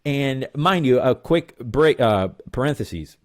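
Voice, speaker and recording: A man's voice: mid-range voice, expressive, slow pace. A man in his thirties, a musician guest, telling a long rambling story in an interview with lots of fillers.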